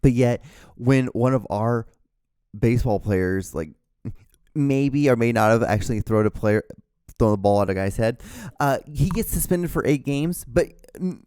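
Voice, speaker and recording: A man's voice: mid-range voice, measured pace, a little mellow, clear, resonant tone, no room sound, studio quality. A young man hosting his own show, ranting in a rambling, profane, exasperated way. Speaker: podcast host. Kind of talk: casual rant.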